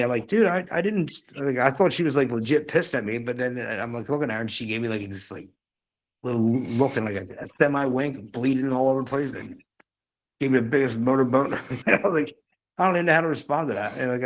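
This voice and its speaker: A man's voice: mid-range voice, low-quality recording. A man in a casual interview who rambles through stories, full of fillers. He laughs often as he talks. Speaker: interview guest, wrestler. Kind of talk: casual storytelling chat.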